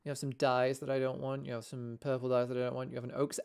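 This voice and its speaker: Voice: mid-range voice, level tone, quick pace, vocal fry, hardly any pauses, darkish tone, clear, resonant tone. Sweary, chatty young streamer from Wales. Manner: chatty and sweary, with frequent self-interrupting asides. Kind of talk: casual gameplay chat with viewers.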